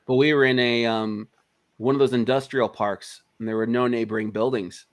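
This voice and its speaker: A man's voice: medium pitch, normal speed. A man telling casual stories as an interview guest, acting out what other people said. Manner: animated anecdote teller who acts out quotes. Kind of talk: casual storytelling. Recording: live stream call.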